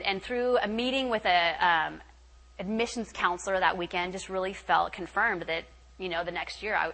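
A young woman from California speaks at a church retreat, telling her own faith story. Her voice is bright and forward, and she talks in an animated, candid way with casual fillers. It sounds like a personal testimony given to a live group. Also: mid-range voice, poor audio. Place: retreat meeting hall.

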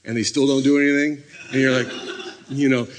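A man preaching a sermon, telling stories with lively energy and acting out scenes. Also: medium pitch, fast talker. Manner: animated storytelling, acting out scenes.

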